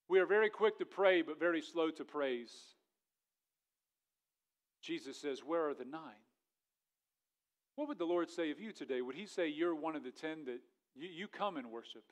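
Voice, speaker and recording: Male pastor, somewhat higher voice, sermon delivery with big dynamic swings and scripture reading. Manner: preaching with rising intensity, then dropping quiet; reads scripture aloud in old-fashioned wording.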